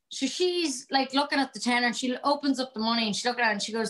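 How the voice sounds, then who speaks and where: Here a guest actress with an Irish voice tells a long joke while chatting exuberantly about comedy during a casual interview. Her pitch is fairly high, her tone fairly bright and her pace fairly quick. The recording sounds rough.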